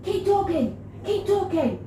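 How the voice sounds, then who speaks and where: Urgent farmer boss acted by a woman, squeaky and insistent, echoey room. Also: animated, a little slow, warm tone, far from the mic, slight background noise. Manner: insistent, repetitive pleading.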